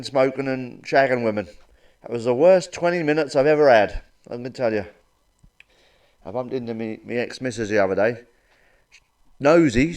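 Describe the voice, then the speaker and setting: A middle-aged man telling crude stand-up one-liners. His delivery is blunt and deadpan, at an ordinary pitch, with a lot of swearing between the punchlines. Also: distant mic. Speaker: stand-up comedian.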